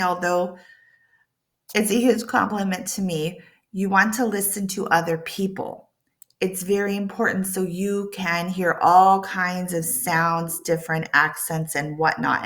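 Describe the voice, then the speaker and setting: Slow, bright-voiced woman teaching pronunciation. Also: on the low side. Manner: slow, careful enunciation of drilled sounds. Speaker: accent reduction teacher. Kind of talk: pronunciation lesson.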